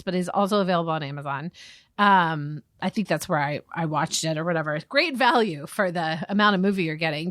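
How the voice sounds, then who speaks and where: A woman's voice: mid-range voice, fairly bright tone, dry recording, clean studio sound. Chatty, profane woman podcast guest. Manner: enthusiastic and profane, with quick asides. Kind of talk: casual chat.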